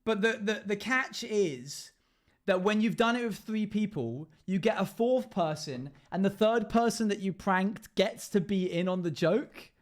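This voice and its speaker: A man's voice: high voice, unhurried. A young man livestreaming casually, chatting with viewers, laughing often and humming to himself. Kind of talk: casual chat with live chat while gaming.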